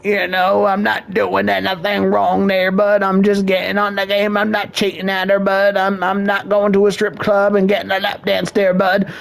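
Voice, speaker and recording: A lazy, defensive husband who rants in a fairly high, gravelly voice, blunt and blustering, as a man puts him on. He keeps hammering the same folksy tag at the end of his lines. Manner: blustering, ends every phrase with "there, bud".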